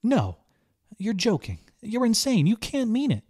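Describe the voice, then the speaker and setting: A man's voice: mid-range voice, animated, moderate pace, dark tone, no room sound, studio quality, pitched above the performer's own voice, natural voice. A man voicing an earnest young girl stowaway, speaking in a raised, pleading voice. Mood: disbelieving.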